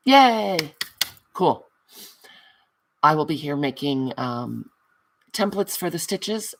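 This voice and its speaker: A woman's voice: low-pitched, a bit bright. Woman host wrapping up a craft livestream: affectionate, self-mocking, chatting back to viewers. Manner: chatty, reads out and answers viewer comments; affectionate, calls viewers honey. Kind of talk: casual livestream chat.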